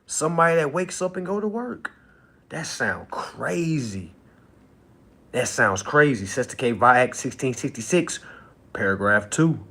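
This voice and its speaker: A man hosting a casual livestream monologue who talks in an animated way, laughs often and repeats himself. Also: mid-range voice, unhurried. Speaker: livestream host.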